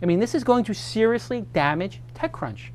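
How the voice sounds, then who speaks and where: A man's voice: sits high, expressive, brisk, darkish tone. Earnest man telling a heartfelt story. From New York. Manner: earnest, emotional storytelling with restarts. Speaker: host. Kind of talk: casual chat.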